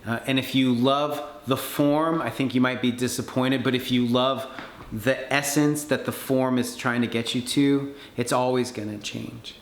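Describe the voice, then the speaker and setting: A man speaking at a conference, telling a story in an animated way and acting out the people he quotes. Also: mid-range voice, unhurried. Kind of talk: storytelling talk. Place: conference hall. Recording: echoey room with faint background noise.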